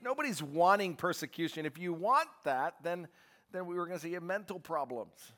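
A man preaching a sermon as pastor, emphatic and calling out to his congregation for answers, moving between quiet asides and shouted lines. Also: sits high, expressive, brisk. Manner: emphatic, calls out to the congregation for responses.

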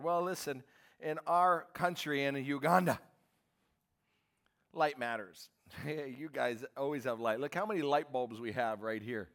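A man preaching a sermon to a church congregation, emphatic and animated, asking the listeners questions and waiting for their answers. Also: medium pitch, unhurried. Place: church service.

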